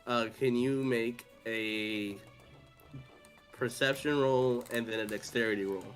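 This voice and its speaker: A man's voice: mid-range voice, fairly even intonation, takes it slowly, a bit bright. Casual young male game master. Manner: casual, filler-heavy narration with laughs. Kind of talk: narrating a tabletop game. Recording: faint music behind voice.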